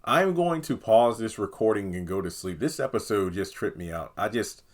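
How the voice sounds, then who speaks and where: A man with a lowish, expressive voice and a moderate pace reviews TV on his own channel. The talk is casual and exasperated, meandering, with bits where he acts out what characters say.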